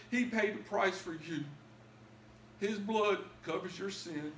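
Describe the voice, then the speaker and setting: A man telling his own story as a testimony in a church, emotional and pleading at its high points. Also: steady tone, measured pace, sharp tone, roomy sound. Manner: emotional, rising to pleading highs. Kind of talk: testimony sermon.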